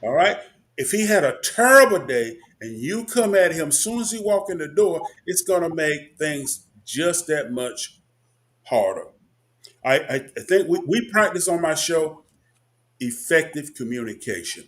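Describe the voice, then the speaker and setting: A man's voice: fairly high pitch, sing-song, a little slow, fairly bright tone. A man in his sixties from North Carolina hosting a casual discussion, emphatic and checking in with "okay?". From Kinston, North Carolina. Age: 60s. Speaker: host.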